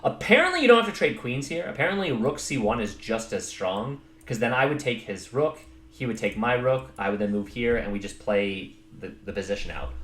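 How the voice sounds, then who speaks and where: A man's voice: medium pitch, fairly bright tone. A man casually recapping his own chess game, rambling with lots of fillers and poking fun at himself. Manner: rambling, many fillers, self-mocking. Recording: roomy echo, faint background noise.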